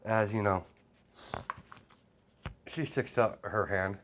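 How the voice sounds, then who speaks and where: A man's voice: fairly low pitch, slow, a bit bright, slight background noise. A man casually improvising a fan story aloud, rambling with many fillers.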